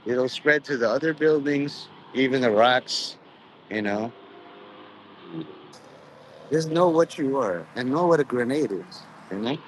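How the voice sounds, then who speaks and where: A man's voice: medium pitch, expressive, unhurried, long pauses, rough recording. A man with an ordinary mid-range voice rambles through a loose, stream-of-consciousness monologue. He swears casually, leans on "you know" constantly and slips into half-mocking sermon tones, with faint noise in the background. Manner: meandering, profane, peppered with "you know"; mock preachy, drifts into quoted voices.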